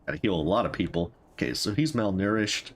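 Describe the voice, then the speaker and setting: A man's voice: deep voice, expressive, fast talker. Man playing a game, voicing its characters. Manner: reads dialogue in put-on voices, laughs at own lines. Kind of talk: let's play commentary with amateur character voices.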